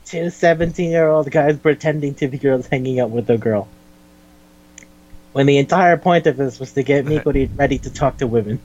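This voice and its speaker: A man chatting casually on a podcast, retelling scenes with swearing and quick impressions of the characters. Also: medium pitch, highs cut off. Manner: animated retelling with acted quotes, swears and laughs. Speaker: podcast host. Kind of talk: casual chat recapping an anime.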